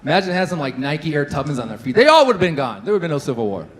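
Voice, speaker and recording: A man's voice: fairly high pitch, big pitch swings, rapid-fire, poor audio. A man in his thirties doing a stand-up comedy set, chatty and self-deprecating, with lots of fillers. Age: 30s. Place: large hall with a live audience. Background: audience laughter.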